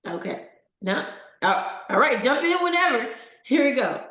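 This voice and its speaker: A woman's voice: high-pitched, very animated, unhurried, a bit bright, echoey room. A woman giving a conversational motivational talk to a live audience, encouraging and full of questions. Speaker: motivational speaker.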